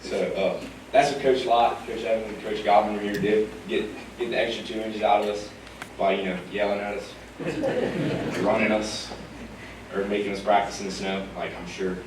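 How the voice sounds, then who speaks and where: A man with a somewhat low, flat voice cracks loose jokes at a team banquet. He sounds distant from the microphone, and the big hall rings with echo. Steady noise hangs behind him. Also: normal speed. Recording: echoey hall, distant mic, noisy.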